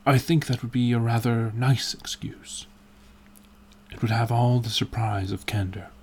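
A man reading the part of a languid, witty aristocratic gentleman in an audiobook, in a dreamy, drawling, ironic way. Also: mid-range voice, steady tone, measured pace, slight background noise, lightly acted.

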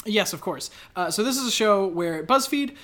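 A man's voice: high-pitched, lively intonation, moderate pace. Hesitant man hosting a comedy podcast. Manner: hesitant, full of uh and restarts, trailing off quietly. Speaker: podcast co-host and quiz presenter. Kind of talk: casual comedy podcast chat.

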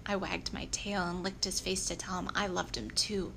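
Lively woman reading a children's book. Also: fairly low pitch, normal speed, a little hiss or hum. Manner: lively, expressive storytelling. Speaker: audiobook reader. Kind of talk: scripted narration of a children's book.

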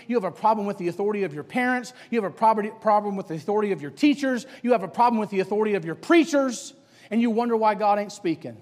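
A man's voice: high voice, darkish tone. A male preacher delivering a sermon to young people in a church, emphatic and colloquial, firing off rhetorical questions. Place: church sanctuary. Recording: long church hall reverb.

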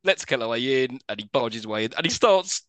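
Animated man recapping a film. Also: medium pitch, dry recording. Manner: animated recapping, quick to laugh, acts out scenes. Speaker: podcast co-host. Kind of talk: casual film-review chat.

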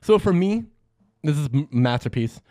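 A young man co-hosting a podcast, chatting casually about a movie, excitable and emotional, swearing freely and laughing often. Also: fairly high pitch, normal speed, no echo, clean studio sound. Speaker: podcast co-host. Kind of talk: casual movie review chat.

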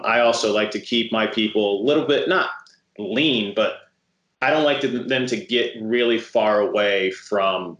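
A man's voice: fairly low pitch, fairly bright tone. A man coaching on a podcast, hesitant and full of restarts. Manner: hesitant, lots of ums and restarts. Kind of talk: casual podcast chat. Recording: echoey room.

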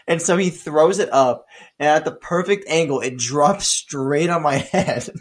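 A man's voice: fairly high pitch, normal speed. A young man hosting a casual podcast, telling stories loosely with laughs and swearing. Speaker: podcast host. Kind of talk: casual chat.

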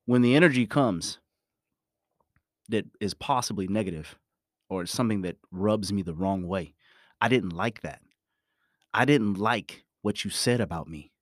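A man's voice: fairly low pitch, animated, unhurried, long pauses, dry recording, clean studio sound. A man giving a motivational talk, speaking emphatically and repeating his key phrases. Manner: repetitive, emphatic, preachy.

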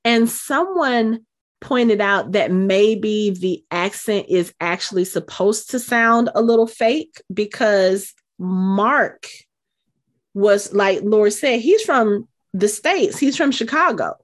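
Woman co-host, casual and animated, thinks out loud mid-sentence. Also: mid-range voice, takes it slowly. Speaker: podcast co-host. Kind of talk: casual chat.

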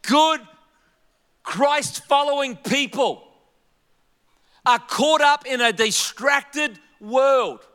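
A man with a very high, bright voice preaching a sermon to his congregation. He talks conversationally, mixes in humor and leans on fillers like "you know." His voice rings out with a long reverb from a church sanctuary. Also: drawn-out words, pauses often. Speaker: pastor and denominational leader.

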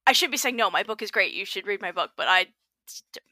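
A woman's voice: medium pitch, sing-song, a little fast, sharp tone, dry recording, studio quality. A woman author, a guest on a podcast, talking casually and self-deprecatingly. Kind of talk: casual conversation.

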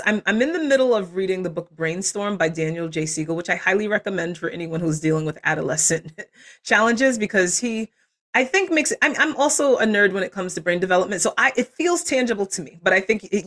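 Animated woman coach, laughs often. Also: mid-range voice, a little fast. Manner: animated, laughs often, acts out quoted parents and kids. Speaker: parenting coach and podcast guest. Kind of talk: casual interview conversation.

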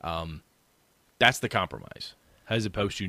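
A man's voice: fairly low pitch, a little fast, dry recording. A man co-hosting a tabletop gaming podcast, chatting casually and acting out what players and game masters might say. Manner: animated, acts out quoted players and game masters. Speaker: podcast co-host. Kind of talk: casual chat.

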